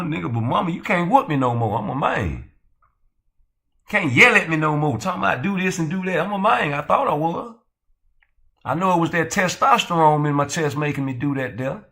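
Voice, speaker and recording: A man hosting his own channel, ranting and roasting others in a loud, profane, mocking way. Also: a little high, vocal fry. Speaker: channel host. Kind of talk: heated roast commentary.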